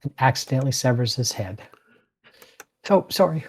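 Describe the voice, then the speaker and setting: A player describes their character's actions in a casual, playful way. The voice sits at a middle pitch. Keyboard clicks can be heard behind it. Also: lively intonation, moderate pace, a little hiss or hum.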